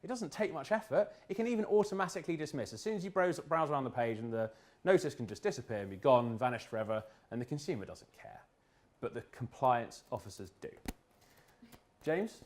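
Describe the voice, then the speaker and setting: A man's voice: mid-range voice, animated. Joking man giving a business talk. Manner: joking, quick asides, restarts. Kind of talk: humorous presentation. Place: event room with an audience.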